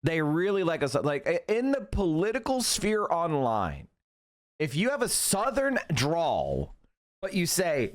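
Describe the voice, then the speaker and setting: Animated, ranting male streamer. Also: a little high, moderate pace. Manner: animated, profane ranting with tangents. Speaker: streamer host. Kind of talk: live-stream political commentary.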